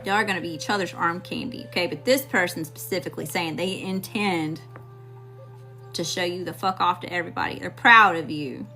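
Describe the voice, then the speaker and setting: A woman's voice: on the low side, a little fast, music in the background. A woman from Mississippi with a Southern accent giving a casual tarot reading to her viewers, talking in a sassy, blunt and profane way. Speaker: tarot reader.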